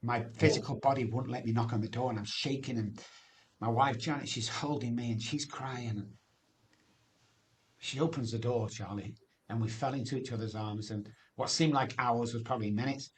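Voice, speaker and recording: A man's voice: medium pitch, fairly even intonation, moderate pace, slight background noise. A man, telling his recovery story as a guest in an emphatic, personal way, often ending phrases with "man". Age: 60s.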